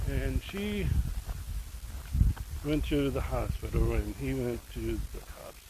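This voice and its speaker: Man, casual storytelling, slow unhurried delivery, mid-range voice, rambling asides, emotionally invested. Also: medium pitch, noisy background. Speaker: vlogger retelling a true crime case.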